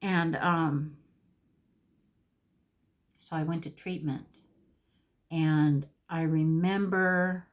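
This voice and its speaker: A woman vlogger telling her own story in a casual, animated, candid way, with plenty of swearing. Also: on the low side. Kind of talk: casual storytelling while getting ready.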